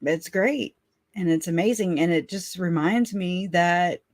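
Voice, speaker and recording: A woman hosting a casual livestream, rambling warmly and laughing often as she reads out and thanks viewers for their comments. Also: on the low side, measured pace, dry recording, clean studio sound. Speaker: livestream host.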